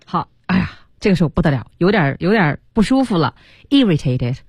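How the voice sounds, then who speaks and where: A woman's voice: lowish voice, very animated, a little fast, a little mellow, husky, no room sound, studio quality. A woman hosting a bilingual radio English lesson, explaining with animation and mixing English words into her talk. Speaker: radio English teacher, host. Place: radio studio.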